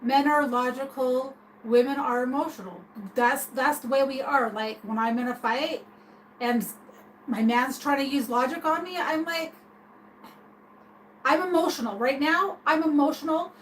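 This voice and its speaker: A woman's voice: sits high, a little slow, a little hiss or hum, low-quality recording. A woman streaming a casual opinion rant, rambling and hesitant with many restarts. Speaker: streamer talking to viewers.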